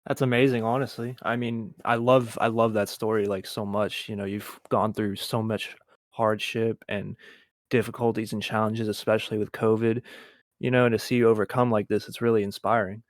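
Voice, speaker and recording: A man hosting a podcast interview, appreciative, asking gentle follow-up questions. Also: fairly low pitch, level tone, moderate pace, dry recording, clean studio sound. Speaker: podcast host.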